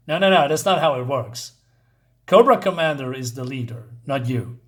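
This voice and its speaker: A man's voice: mid-range voice, lively intonation, moderate pace. A man giving a casual, rambling spoken comic book review, full of fillers and restarts.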